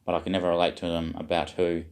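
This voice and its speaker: Deep-voiced rambling man. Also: completely flat delivery, quick pace, clean tone. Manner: meandering, self-questioning, occasional swearing. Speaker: vlogger. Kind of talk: rambling spiritual monologue.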